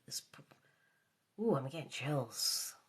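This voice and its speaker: A woman with a husky, slightly breathy voice reads tarot cards on a live stream. She circles back over her phrases, and at times her voice sinks to a hushed whisper. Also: very deep voice, sing-song, slow pace. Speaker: tarot reader.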